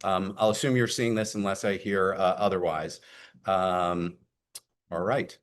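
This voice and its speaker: Halting man presenting a webinar. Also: deep voice, steady tone. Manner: many filler words, halting. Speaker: program presenter for a preservation group. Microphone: computer mic on a video call.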